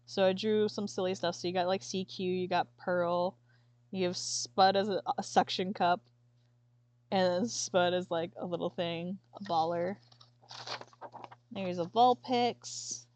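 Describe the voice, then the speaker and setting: A woman streamer chatting casually and haltingly, sometimes tearful and apologizing. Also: fairly low pitch, fairly even intonation, darkish tone. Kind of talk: casual chat while showing a sketchbook.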